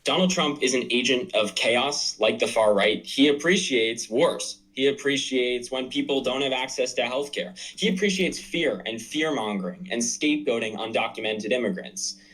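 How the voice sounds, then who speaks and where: A man's voice: mid-range voice, moderate pace, few pauses, a bit bright, rough recording. Earnest young man making a statement. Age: young adult. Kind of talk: earnest political statement in a played clip.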